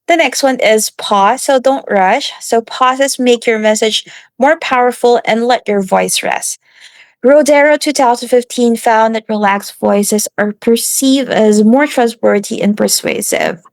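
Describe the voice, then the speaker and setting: Woman presenter with a gravelly edge. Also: on the high side, unhurried, no room sound. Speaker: student presenter. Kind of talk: reading a class lesson.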